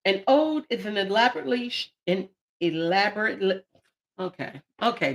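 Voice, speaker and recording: A woman's voice: mid-range voice, animated, normal speed, bright, forceful tone. A young adult woman hosting a live stream, reading her poems with playful, chatty asides to her viewers. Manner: playful, talks back to herself, swings from joking to tearful. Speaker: poet and channel host.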